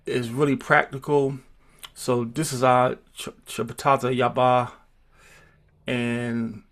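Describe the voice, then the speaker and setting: A man leading a scripture study in a mid-pitched voice, halting and full of restarts. He repeats key phrases over and over and pushes harder on them as he gets worked up. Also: fairly bright tone. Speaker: Bible study teacher.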